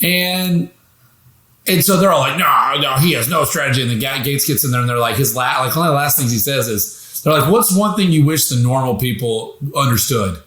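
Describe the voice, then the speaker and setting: Guy on a political podcast telling a story, kinda high voice, echoey room, mocks people he quotes. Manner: lively storyteller, mocking quotes. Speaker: podcast guest. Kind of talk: casual political talk.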